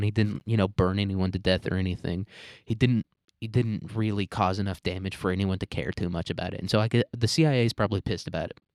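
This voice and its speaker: Sarcastic, profane man, low and dry. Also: no echo. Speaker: podcast host. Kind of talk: solo commentary podcast.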